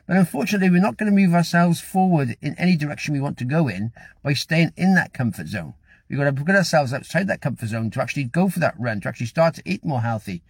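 A middle-aged man delivers an earnest motivational talk at a quick clip, circling back to the same phrases. His voice sits a touch high for a man and carries a husky edge. The sound is dry and close, with no room around it. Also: no echo. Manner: rambling, earnest, repeats phrases. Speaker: motivational vlogger. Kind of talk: casual motivational talk to camera.

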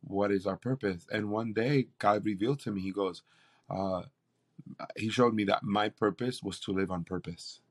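A man's voice: on the low side, normal speed. A man, a campus pastor, telling a faith story in an interview with an earnest, preacherly delivery. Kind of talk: interview testimony.

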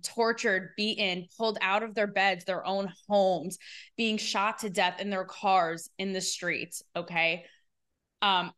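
A woman's voice: medium pitch, fairly bright tone. A woman hosting her own podcast, giving candid, rambling, emotional commentary and fighting back tears. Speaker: podcast host.

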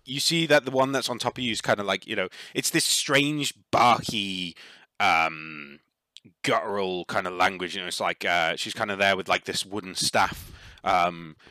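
A man's voice: sits low, moderate pace, sharp tone, dry recording. A man narrating a tabletop role-playing game as game master, in a loose, rambling way full of fillers.

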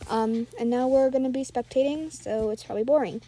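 A woman's voice: fairly high pitch, a little fast, mellow. A woman giving live, rambling commentary while playing an online game, nervously narrating every move aloud.

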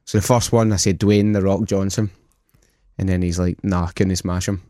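Scottish male guest, low voice, dry close sound, blunt sweary raconteur. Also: flat delivery, normal speed, dark tone, dry recording. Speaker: podcast guest. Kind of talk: casual chat.

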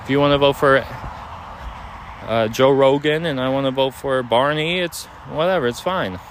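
A boyfriend delivers a heartfelt, rambling apology to his partner outside, near planes passing overhead, sounding earnest and hesitant. He's a young man with a medium-pitched voice at normal speed, and there's slight hiss or hum on the track.

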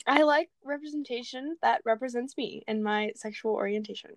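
A young woman retelling a movie in a casual chat, excitable and rambling, laughing often. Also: a little high, brisk.

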